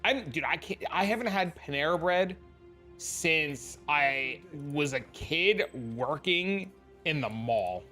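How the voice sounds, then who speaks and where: A man in his twenties hosting a livestream, chatting with viewers in a loose, heavily profane way, dropping dude and bro as he tells excitable stories. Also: fairly high pitch, slow, soft background music. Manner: excitable storyteller. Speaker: livestream host. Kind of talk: casual livestream chat with viewers.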